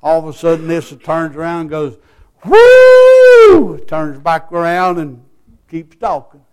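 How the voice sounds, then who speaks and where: An older man preaching a sermon, telling folksy stories and breaking into loud whoops. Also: fairly high pitch, little pitch movement, normal speed, clean tone.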